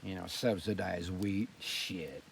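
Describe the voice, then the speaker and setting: A man's voice: sits low, takes it slowly, vocal fry. A man ranting by a campfire, blunt and heavily profane as he holds forth. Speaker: host. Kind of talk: fireside rant. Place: outdoors by a campfire. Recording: distant mic, faint outdoor noise.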